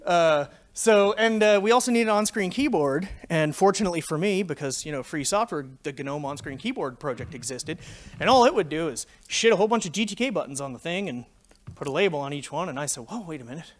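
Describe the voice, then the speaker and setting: Brisk and a little high-pitched, a Canadian man in his forties delivers a conference talk built around a profane tech anecdote. He tells it with animation and curses freely.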